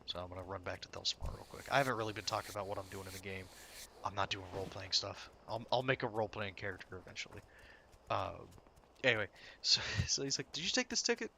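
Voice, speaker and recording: Man, casual gaming storytelling, lowish voice, bright forceful tone, rambling, profane, laughing. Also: fairly even intonation, fast talker, gravelly, slight background noise. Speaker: streamer.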